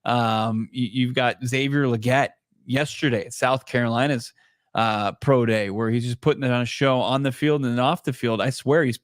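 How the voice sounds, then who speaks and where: A man's voice: medium pitch, steady tone, normal speed, no echo. A man co-hosting a sports podcast, talking in a loose, rambling way and often restarting his sentences in a studio. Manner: rambling, self-correcting, conversational. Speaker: podcast co-host. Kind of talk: casual sports podcast chat.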